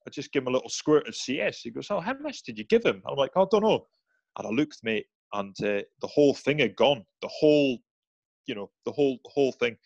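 A man's voice: medium pitch, fairly quick, vocal fry, no echo. A man, a former soldier, recounts his service in a loose, chatty interview. He acts out the voices of the people in his stories and often stops and restarts mid-sentence. The recording is dry, close and a little dull. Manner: animated anecdotes with quoted voices, many restarts. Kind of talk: casual storytelling interview.

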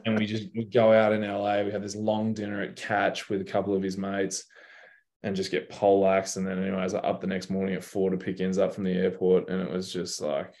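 A man's voice: low voice, completely flat delivery, a little fast, a little mellow. A young Australian man telling stories in a casual interview, laid-back and slangy with plenty of swearing. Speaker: guest basketball player.

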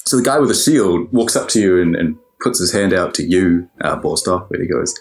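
A man narrating as game master, relaxed and laughing often as he describes scenes. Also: sits low, brisk.

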